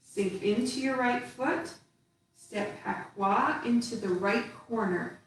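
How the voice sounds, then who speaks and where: Slow-talking woman leading a tai chi class. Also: a little high, a little hiss or hum. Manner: calm, instructive, counting out steps. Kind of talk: guided movement lesson. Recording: echoey room from far off.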